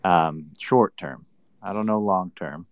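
A man's voice: sits low, slow pace, dry recording. A man talking crypto in a casual chat, combative and teasing with mock annoyance. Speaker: crypto commentator.

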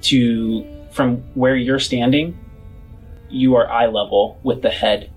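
A man runs a tabletop role-playing session as game master, his voice slightly husky. He talks through the scene in a relaxed, descriptive way, with soft music playing underneath. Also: medium pitch, poor audio. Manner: descriptive, unhurried narration with casual fillers.

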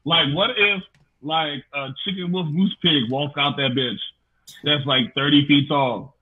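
A man's voice: a little high, measured pace, narrow, tinny audio. A man co-hosting a podcast, ranting emphatically and cussing in casual chat. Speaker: podcast co-host.

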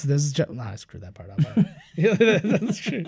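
A man's voice: a little high, wildly swooping pitch, slow, creaky, darkish tone, a little hiss or hum. A young man hosting a podcast in casual chat, laughing easily and mocking his own slips. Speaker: podcast host.

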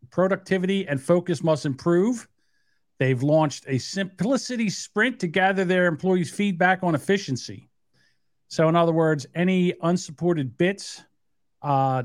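A man's voice: fairly high pitch, normal speed, no room sound. Chatty man, dry close sound. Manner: rambling, chatty, with many fillers. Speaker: podcast co-host. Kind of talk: casual podcast banter.

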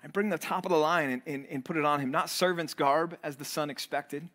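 A high-pitched man delivers a fervent sermon as a pastor. He swells with intensity, then drops low and quiet for emphasis, repeating phrases as he presses his point. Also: steady tone, brisk. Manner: earnest preaching, voice swelling and dropping low for emphasis; repeats and restarts words while building intensity.

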